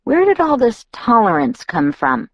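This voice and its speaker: A woman's voice: mid-range voice, animated, moderate pace, dry recording, highs cut off, voice pushed up, close to an everyday voice. Bella, earnest teenage girl read by a woman. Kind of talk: audiobook dialogue reading.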